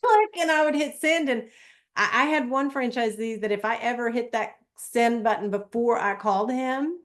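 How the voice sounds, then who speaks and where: A woman hosts a podcast in a relaxed, conversational way. She laughs often and pokes fun at herself as she talks. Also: on the high side, normal speed. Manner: laughs often, self-deprecating. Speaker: podcast host.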